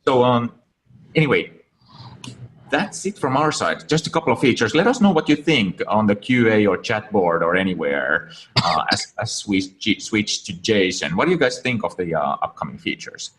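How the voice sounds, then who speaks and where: A man co-hosting a webinar, chatty and self-deprecating, with halting restarts. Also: lowish voice, lively intonation, a bit bright, slight background noise, low-quality recording. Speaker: webinar co-host. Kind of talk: casual webinar talk.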